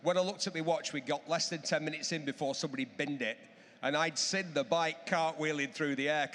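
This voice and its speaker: A man in his fifties chatting eagerly as an expert guest, jumping into anecdotes and pressing his advice home. His voice sits a touch high, with a long hall reverb around it. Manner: animated storytelling, emphatic advice. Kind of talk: enthusiastic anecdotal chat. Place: auction hall.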